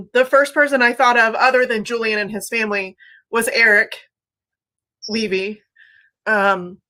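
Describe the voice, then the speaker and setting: A woman's voice: a little high, steady tone, a little slow, long pauses, bright, forceful tone. A woman hosting a casual livestream, sick and close to tears, talking emotionally with lots of swearing and fillers. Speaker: livestream host.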